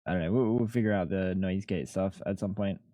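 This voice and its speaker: A man's voice: low voice, fairly quick, dark tone, no echo, studio quality. A young man streaming live, chatting casually and rambling, swearing freely as he thanks viewers. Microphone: headset.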